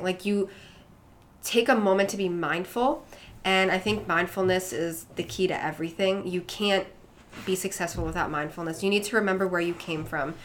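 Guest: young woman, lowish voice, candid and rambling, filler-heavy, faint room ambience. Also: fairly even intonation, normal speed, a little hiss or hum. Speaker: podcast guest. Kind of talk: candid personal conversation.

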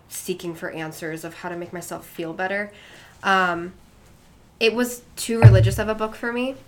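A woman's voice: mid-range voice, fairly bright tone, a little hiss or hum. A young woman talking candidly as a podcast guest, rambling with many "like" and "um" fillers. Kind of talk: candid personal conversation.

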